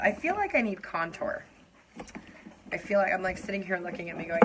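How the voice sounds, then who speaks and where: A young adult woman chatting openly to her viewers as she does her makeup on a live stream, confiding and laughing softly. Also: on the low side, lively intonation, moderate pace, heavy background noise. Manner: warm, confiding, breaks into soft laughs. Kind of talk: casual heartfelt chat to viewers while doing makeup.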